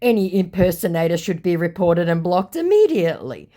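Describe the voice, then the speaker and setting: A woman's voice: lowish voice, big pitch swings, fairly quick, mellow, pitched above the performer's own voice. A woman doing a huffy pleading scammer guy. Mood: indignant. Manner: indignant, pleading. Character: indignant male online scammer posing as a celebrity.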